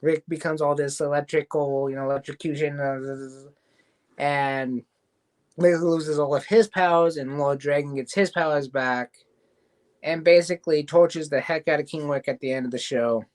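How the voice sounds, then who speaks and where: A man hosts a casual show reviewing a cartoon series, recapping an episode in a loose, rambling way. His voice is fairly high with fairly even intonation, at a moderate pace.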